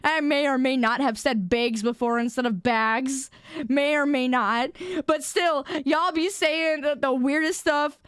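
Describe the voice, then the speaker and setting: A young woman streaming a game, her voice sitting high and unhurried. She banters and teases her chat in a playful way. The sound is close and dry, with no room around it. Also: a bit bright, dry recording. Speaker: live streamer. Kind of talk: casual gaming stream chat.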